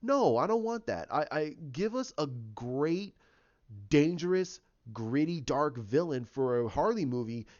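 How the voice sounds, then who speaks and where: A man's voice: on the high side, big pitch swings, unhurried, a little mellow. A man giving his opinions in a casual vlog, ranting in an opinionated way. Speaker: YouTuber. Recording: dull lo-fi recording.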